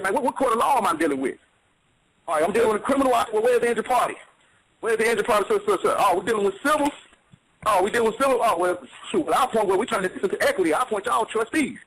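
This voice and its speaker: Fast-talking high-voiced man, streetwise and emphatic. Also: fairly bright tone, a little hiss or hum, poor audio. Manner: streetwise, emphatic, repeats "you see what I'm saying". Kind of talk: casual instructional talk.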